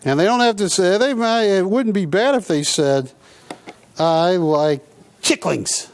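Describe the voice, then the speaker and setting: A man hosting a live coin shopping broadcast, pitching coins with playful, joking salesman banter. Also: a little slow, darkish tone, smooth. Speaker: coin sales show host.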